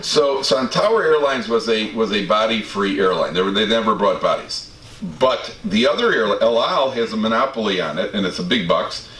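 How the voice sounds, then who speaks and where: A man's voice: fairly low pitch, expressive, fairly quick, fairly bright tone. A male rabbi telling humorous personal stories to an audience, with self-deprecating jokes and frequent stammered restarts. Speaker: rabbi and lecturer. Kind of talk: storytelling talk to an audience. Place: community study hall. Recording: roomy hall from a distance, faint background ambience.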